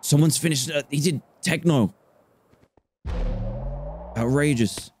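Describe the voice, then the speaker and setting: A man's voice: on the high side, slow, darkish tone, soft background music. A man giving live commentary on his own gameplay, bursting out in exasperated, self-mocking remarks. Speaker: streamer. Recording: audible background noise.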